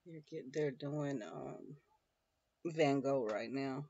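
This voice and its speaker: A homeschooling mom vlogger with a very deep, warm voice talks slowly to her viewers from her home schoolroom. She rambles about homeschooling with lots of fillers and restarts. The recording sounds dull, lo-fi and dry, with slight background noise.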